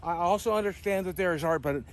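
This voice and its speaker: A man doing a dopey brash fat guy, high-pitched. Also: fast. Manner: dopey put-on voice, goofy deadpan jokes. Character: loud dim-witted fat man, brash and oblivious. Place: outdoors at a museum.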